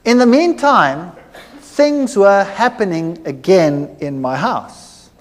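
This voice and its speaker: A man, a former university lecturer, giving a personal testimony, telling his story with animated acted-out dialogue. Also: high-pitched, slow pace. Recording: hall reverb.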